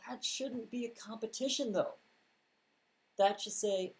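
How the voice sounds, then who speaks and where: A man's voice: sits high, a little slow, pauses often, rough recording. A man reading scripture aloud and commenting on it in a casual, conversational Bible teaching, with mild sarcastic asides. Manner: reads scripture aloud, then comments plainly.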